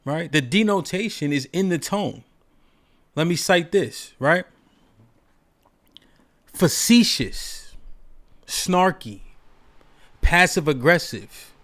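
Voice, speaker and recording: Emphatic man lecturing, fairly high voice. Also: animated, slow pace, pauses often, a bit bright. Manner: emphatic, repeats "right?" often; rhetorical, preachy. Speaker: podcast host. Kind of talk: call-in show monologue.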